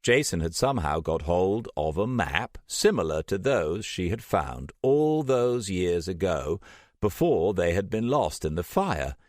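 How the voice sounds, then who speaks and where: A man narrating an audiobook in a measured storytelling manner. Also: sits low, big pitch swings, no room sound, clean studio sound.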